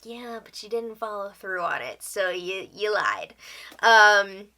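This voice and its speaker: A woman's voice: medium pitch, animated, slow pace, bright, forceful tone. A woman hosting a casual reality show recap, chatty and tossing in opinionated asides.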